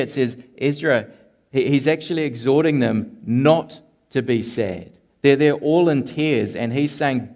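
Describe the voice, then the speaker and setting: A pastor with a medium-pitched, slightly mellow voice delivers an expository sermon earnestly and deliberately. He slows down to stress key lines and sometimes repeats words as he restarts a phrase.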